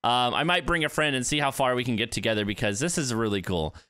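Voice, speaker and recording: Young male gameplay commentator, bright tense voice, panicky and excitable. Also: medium pitch, fast talker, clean tone, no room sound, clean studio sound. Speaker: gaming YouTuber.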